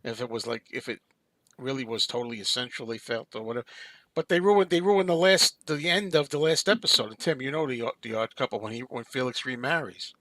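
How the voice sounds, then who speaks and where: A man's voice: mid-range voice, steady tone, brisk, bright, forceful tone, no room sound. A man hosting a live chat stream, talking casually and animatedly, rambling through stories with restarts.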